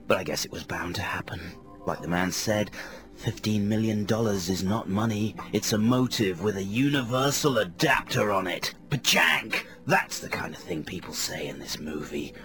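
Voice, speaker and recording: A man on a comedy radio show impersonating a self-absorbed male film star, talking in a melodramatic breathy stage whisper. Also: fairly low pitch, animated, normal speed, fairly bright tone. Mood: brooding. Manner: melodramatic, self-mocking monologue. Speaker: radio host. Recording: radio broadcast with music underneath.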